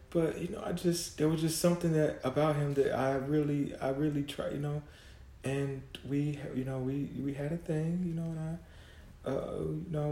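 A man's voice: on the high side, creaky, dark tone, echoey room, voice pushed up. A man voicing his former lover, a woman reminiscing fondly about him in a lilting, doting way.

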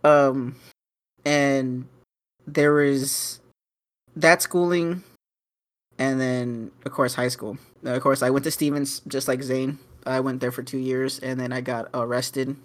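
A man's voice: mid-range voice, flat delivery, slow. A young man co-hosting a casual podcast, rambling with lots of fillers, restarts and swearing. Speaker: podcast co-host. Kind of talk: casual chat.

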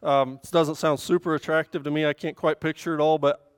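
A woman's voice: low voice, little pitch movement, fairly quick, smooth, no echo. Female preacher, earnest sermon delivery, clean dry close-mic sound. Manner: earnest, swelling loud and emphatic on key points. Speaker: women's speaker at a church service. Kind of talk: sermon with scripture reading.

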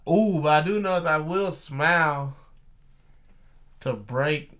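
Young guy talking casually about his delivery job, kinda high voice, bright and edgy, swears a lot. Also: slow. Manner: animated, profane storyteller acting out quoted voices. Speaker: package delivery driver. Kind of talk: casual storytelling chat.

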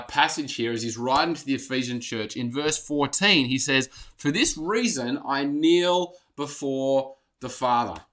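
A man's voice: medium pitch, fairly bright tone. A man preaching a casual, encouraging online sermon to a church in lockdown. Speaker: pastor.

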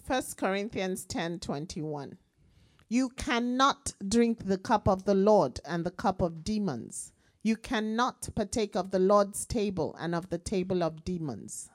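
A woman's voice: mid-range voice, expressive, unhurried, a little mellow, no echo. A woman reading Bible verses aloud during a sermon. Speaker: scripture reader.

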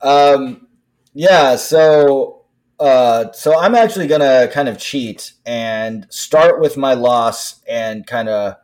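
A man co-hosting a podcast, chatting casually and telling stories in an animated way, breaking into laughs. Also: mid-range voice, slow. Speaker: podcast co-host. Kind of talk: casual chat.

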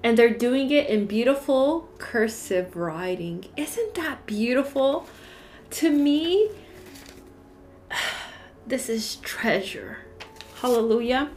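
A woman's voice: on the high side, lively intonation, slow, long pauses, darkish tone. A woman, crying as she shows old Bibles in a casual vlog, emotional and gushing, with frequent sighs. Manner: emotional, tearful, sighing, gushing with joy. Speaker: Bible study channel host.

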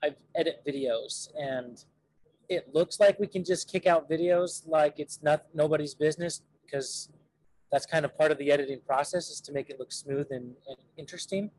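A man's voice: fairly high pitch, normal speed, darkish tone, low-quality recording. A man who works as a videographer, speaking enthusiastically in a casual chat.

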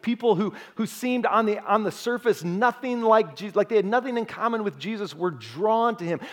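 A male pastor preaching a sermon in a relaxed, conversational way, joking and talking directly to his congregation. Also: sits high. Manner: conversational, jokes and talks to the congregation.

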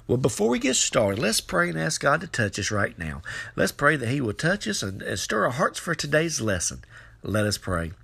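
Guy preaching a devotional, husky gravelly voice, lively pitch swings. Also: normal speed. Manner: repetitive, fervent, rising pitch when exhorting. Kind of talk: devotional sermon.

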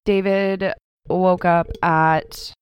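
A woman's voice: fairly low pitch, flat delivery, very slow, clean tone, no room sound, dull audio. A young woman co-hosting a podcast with her sister at home, chatting casually, laughing often and swearing easily. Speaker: podcast co-host. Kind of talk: casual chat. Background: cat in the room.

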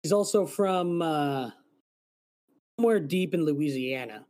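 A man's voice: a little high, lively intonation, measured pace, darkish tone. A man co-hosting a podcast, chatting casually and rambling, swearing now and then. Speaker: podcast co-host. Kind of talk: casual chat.

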